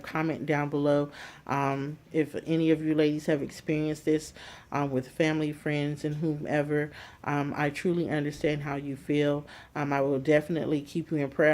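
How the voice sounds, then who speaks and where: A vlogger telling a personal story to viewers, emotional and close to tears, talking haltingly with many pauses and fillers. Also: mid-range voice, a little mellow.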